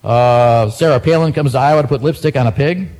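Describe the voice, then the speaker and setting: A man's voice: medium pitch, brisk, a little mellow, slight background noise. Dry-humored man reading joke news. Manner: dry, self-mocking asides between jokes. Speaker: comedian. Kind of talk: stand-up joke news monologue.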